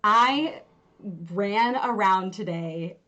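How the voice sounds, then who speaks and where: A woman's voice: mid-range voice, extremely slow, sharp tone, muffled recording. A woman co-hosting a casual live stream at home with her husband, giggling often as she talks. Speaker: co-host and wife.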